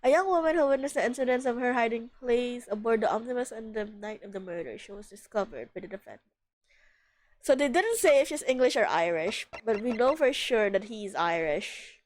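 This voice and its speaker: A woman's voice: fairly high pitch, lively intonation, brisk. A woman streamer who reads a game aloud and comments on it in a casual, blunt way, swearing now and then. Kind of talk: live game read-along with commentary.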